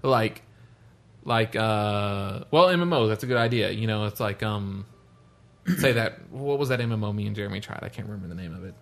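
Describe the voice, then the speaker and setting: A man in a casual chat, opinionated and quick to laugh, fond of folksy sayings. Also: on the low side, animated, vocal fry.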